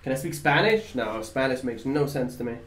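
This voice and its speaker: This Netherlands-born game streamer, speaking Dutch natively, keeps up casual live commentary, joking with chat and cursing occasionally. His medium-pitched voice is expressive, fairly quick, and fairly bright, recorded with roomy echo and faint background noise.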